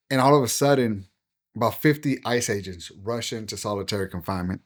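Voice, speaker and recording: A man's voice: medium pitch, quick pace. Middle-aged pastor guy telling his story on a podcast, acts out the back and forth, plain mid voice. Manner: animated storyteller acting out quoted dialogue. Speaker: pastor and guest.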